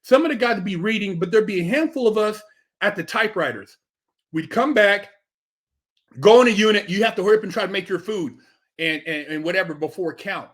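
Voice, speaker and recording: A middle-aged man telling stories as a podcast guest, animated and emphatic, swearing a lot and acting out quotes. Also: high-pitched, brisk. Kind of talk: casual chat, storytelling.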